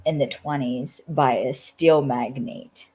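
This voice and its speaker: A woman from western Pennsylvania, USA, co-hosts a casual podcast, recapping a TV episode in a rambling way full of "like" and "you know." Her voice is extremely low, steady, slow, mellow, and husky, with faint music behind it and poor audio quality.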